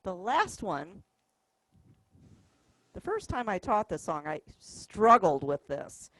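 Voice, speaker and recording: A woman's voice: mid-range voice, big pitch swings, takes it slowly, fairly bright tone, no echo, poor audio. A woman teaching a music workshop, patiently explaining rhythms by counting and singing the notes aloud. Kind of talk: classroom instruction. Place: music store classroom.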